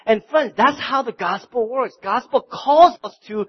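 A man preaching a sermon, swinging from loud outbursts to quiet, intimate passages and often repeating his words. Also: very high-pitched, unhurried, slightly rough, muffled recording. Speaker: pastor.

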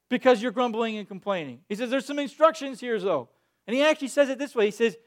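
A man preaching a sermon, reading scripture and then retelling it in a lively way, acting out the quoted voices. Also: very high voice, quick pace. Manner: animated, acts out quoted voices. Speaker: pastor.

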